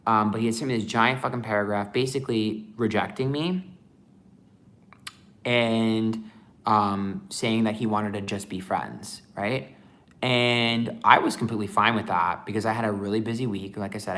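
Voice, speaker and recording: Low-voiced chatty man on a livestream. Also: steady tone, normal speed, fairly bright tone. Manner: rambling, chatty, many fillers. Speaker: livestream tarot reader. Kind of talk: casual livestream chat.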